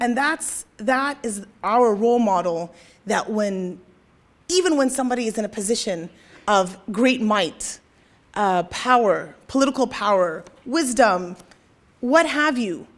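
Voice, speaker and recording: A young woman giving a religious lecture at a convention, telling a story and often checking in with "right?". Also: a little high. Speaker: convention speaker.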